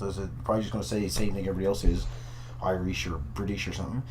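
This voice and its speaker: A man's voice: lowish voice, very fast, a little mellow, a little hiss or hum. A man with a Newfoundland accent co-hosting a podcast at home, joking and swearing as he rambles through stories. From Newfoundland, Canada. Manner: joking, profane, rambling storyteller. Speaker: podcast co-host. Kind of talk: casual chat.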